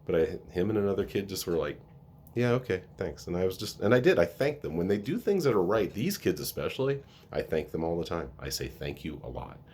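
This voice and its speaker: A man's voice: low voice, sing-song, fast, a little mellow, slight background noise. A man who works at a school, talking earnestly and with emotion in a casual vlog, often restarting his sentences. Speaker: school staff member.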